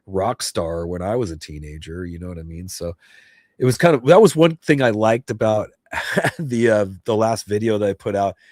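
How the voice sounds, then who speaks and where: A man's voice: lowish voice, animated, normal speed, a little mellow, no echo, studio quality. A middle-aged man hosting a casual livestream chat from home, rambling with many fillers and restarts and reading chat messages aloud. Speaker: host.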